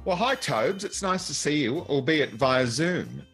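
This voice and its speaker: A man hosting a podcast, who gives a scripted intro and then interviews a guest in a friendly, measured way. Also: fairly high pitch, animated, fairly bright tone, soft background music. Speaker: podcast host.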